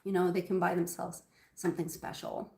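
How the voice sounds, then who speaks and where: A woman's voice: lowish voice, monotone, a little fast, creaky, darkish tone, reverberant. A woman hosting a casual cooking livestream from her home kitchen, chatting with viewers in a rambling way with lots of ums. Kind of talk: casual live cooking chat.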